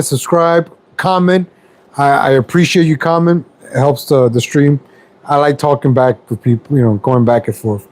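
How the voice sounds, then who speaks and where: Rambling and repeating himself, a middle-aged YouTube streamer vents his anger at everything during a casual political rant stream at home. He speaks with a highish, darkish voice, captured in rough audio.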